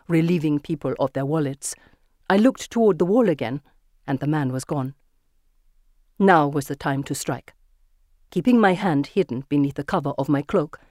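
An audiobook narrator reading a first-person story in a measured, vivid storytelling manner on a close mic. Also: medium pitch, a little mellow, no room sound.

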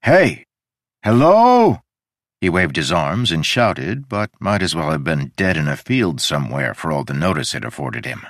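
A man with a very deep, low voice narrating an audiobook. His delivery is expressive and dramatic, with a lively pitch that rises and falls. The recording is close and dry. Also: normal speed, hardly any pauses, no room sound. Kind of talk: scripted narration.

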